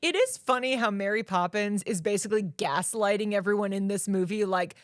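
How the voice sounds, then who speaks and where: A woman co-hosting a podcast, chatting about a film in a lively, emphatic way and laughing often. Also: medium pitch, dry recording, studio quality. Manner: animated, emphatic, quick to laugh. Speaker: podcast co-host. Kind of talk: casual movie chat.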